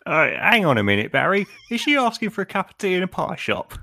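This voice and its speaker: A man voicing a blunt male English customer with a rough dialect in a comedy sketch. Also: high voice, sing-song, fast talker, pushed and bright, no room sound, clean studio sound, pitched above the performer's own voice, exaggerated voice. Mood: scandalized.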